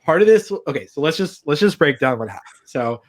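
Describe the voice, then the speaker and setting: A man's voice: fairly high pitch, big pitch swings, a little fast. A man co-hosting a podcast, chatting enthusiastically and giving strong opinions on reality TV. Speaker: podcast co-host. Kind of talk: casual chat.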